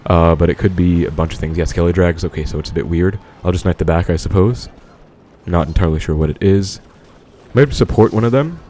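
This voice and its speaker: A man's voice: low-pitched, quick pace, mellow, slight background noise. A man giving casual live commentary on his own game, thinking aloud and talking to viewers as he plays. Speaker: gaming commentator.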